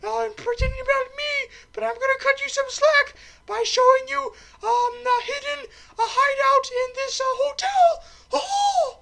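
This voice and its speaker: Shrill giggly cartoon mouse, smug and pushy, very high and very bright, for a comic recap. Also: male voice, a little slow, creaky, full character voice. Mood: gleeful.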